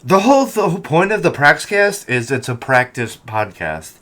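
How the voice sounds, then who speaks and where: A man hosting a comedy podcast, brash and profane, mocking his guests loudly one moment and muttering the next. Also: fairly high pitch, moderate pace. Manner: animated, swings between loud and quiet. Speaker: podcast host. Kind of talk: crude comedic podcast banter.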